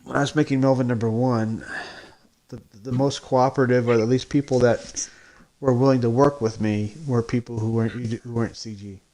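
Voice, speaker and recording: Casting note: young adult man, indie comics creator, mid-pitched, hesitant and rambling, lots of restarts. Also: steady tone, normal speed, mellow. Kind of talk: casual podcast chat.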